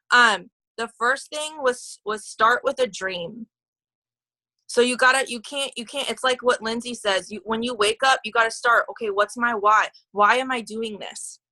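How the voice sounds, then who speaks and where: A woman's voice: fairly high pitch, bright, forceful tone, no room sound, rough recording. A woman leading a motivational team call, chatty and gushing, with lots of fillers and restarts. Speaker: team leader.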